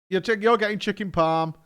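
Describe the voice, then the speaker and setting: A man's voice: sits high, vocal fry, a bit bright. A man in his thirties, a streamer rambling in casual chat, reading out a menu with frank asides and the odd swear. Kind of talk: casual chat while gaming.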